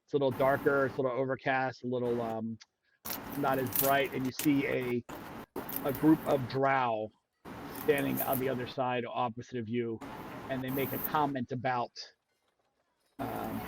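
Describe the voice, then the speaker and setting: Gravelly-voiced man running a tabletop game. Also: medium pitch, flat delivery, moderate pace, noisy background. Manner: rambling, hesitant with many fillers. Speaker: game master.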